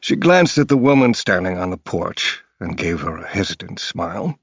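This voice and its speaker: Deep husky man narrating. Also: very animated, normal speed, no echo, muffled recording. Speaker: audiobook narrator. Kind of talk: scripted audiobook narration.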